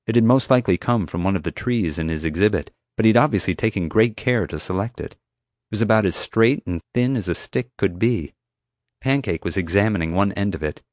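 A man narrating an audiobook in a steady, clear storytelling manner on a close mic. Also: lowish voice, fairly quick, dry recording.

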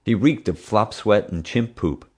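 A man narrating an audiobook in expressive storytelling fashion. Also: on the low side, measured pace, breathy edge. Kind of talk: scripted narration.

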